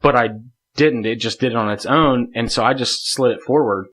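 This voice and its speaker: Podcast guest, male, mid-pitched, casual storyteller who laughs a lot and rambles. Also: fairly quick, fairly bright tone. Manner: laughs often, rambling with many "like" fillers. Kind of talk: casual hunting story told in conversation.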